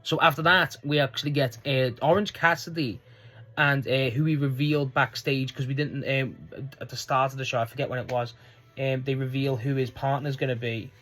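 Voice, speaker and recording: A man's voice: mid-range voice, steady tone, moderate pace, a bit bright. A man giving a casual spoken review of a wrestling show, rambling with lots of fillers and swearing. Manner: rambling, profane, frequent restarts and fillers.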